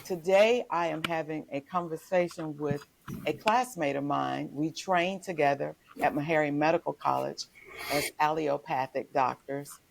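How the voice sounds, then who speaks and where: Woman talk show host, deep voice, gravelly edge, measured friendly questions. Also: slight background noise. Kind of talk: hosting a health talk show.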